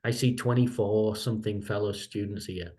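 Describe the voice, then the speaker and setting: A middle-aged man with a low voice speaks as a lecturer in a casual online meeting. He rambles and repeats himself while giving friendly advice. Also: steady tone, moderate pace, mellow.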